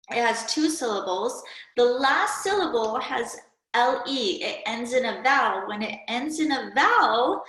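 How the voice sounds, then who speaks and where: A woman teacher giving a recorded reading and spelling lesson to children, speaking clearly and patiently and asking them to pause and answer aloud. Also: fairly high pitch, animated, fairly bright tone. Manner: slow, clear, patient classroom delivery with prompts to pause. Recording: echoey room.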